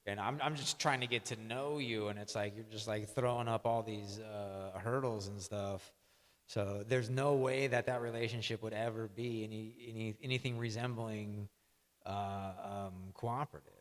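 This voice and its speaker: A man's voice: on the low side, fairly even intonation, moderate pace. Guy on a podcast musing about dating, self-mocking, long echo around him. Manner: reflective, wordy, self-mocking. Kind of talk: casual podcast chat.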